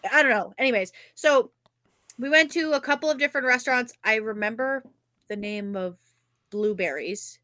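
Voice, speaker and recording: A young woman, co-hosting a podcast and telling a rambling, animated story in casual chat, swearing freely. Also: on the high side, normal speed, dry recording. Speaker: podcast co-host.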